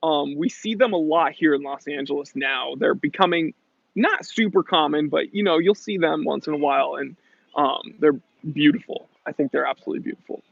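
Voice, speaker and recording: A man's voice: fairly high pitch, a little fast, gravelly, no echo, muffled recording. A man hosting a casual livestream Q&A about watches, playful and chatty, reading out viewer comments. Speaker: watch channel host. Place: Los Angeles.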